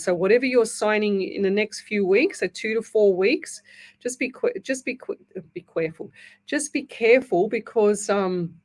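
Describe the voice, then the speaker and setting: A middle-aged woman hosting live psychic readings in an easygoing, talkative way. Her voice sits at an ordinary middle pitch for a woman. She calls listeners pet names and breaks things down simply. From Australia. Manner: chatty, warm-hearted, calls listeners lovey and hun; reads viewer comments aloud and explains things in plain terms. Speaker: psychic medium radio host.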